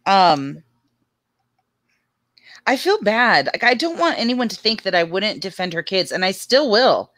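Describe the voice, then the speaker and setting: A woman's voice: mid-range voice, big pitch swings, unhurried, pauses often, fairly bright tone, no room sound. A woman guest on a livestream panel, speaking earnestly and emotionally over a video call. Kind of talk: casual livestream chat.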